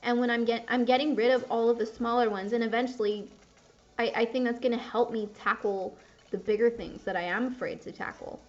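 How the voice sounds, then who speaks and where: A woman's voice: fairly high pitch, steady tone, a little fast. A young woman chatting casually and candidly while playing a game, rambling and swearing at the game now and then. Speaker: gaming video creator. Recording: dull lo-fi sound.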